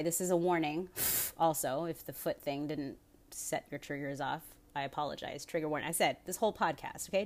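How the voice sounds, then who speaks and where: Young female podcast host, slightly low voice, casual, profane, tangent-prone. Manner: rambling, profane, self-interrupting tangents. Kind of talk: casual solo podcast chat.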